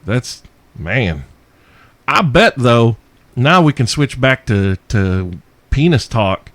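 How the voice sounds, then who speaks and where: A man's voice: medium pitch, big pitch swings, slow, fairly bright tone, dry recording. A man hosting a solo podcast, answering listener questions in a profane, sarcastic ranting manner. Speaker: podcast host.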